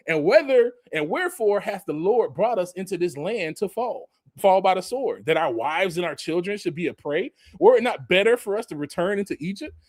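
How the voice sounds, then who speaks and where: High-voiced man preaching casually. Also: no room sound, clean studio sound. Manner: casual, animated preaching with Southern Black vernacular and laughs. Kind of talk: sermon with scripture reading.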